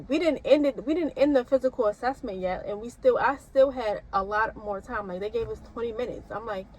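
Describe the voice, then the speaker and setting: A woman's voice: a little high, slight background noise, low-quality recording. Rambling young woman venting to camera. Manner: rambling, frequent "like" and restarts. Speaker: nursing student vlogger. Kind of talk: casual vlog talk.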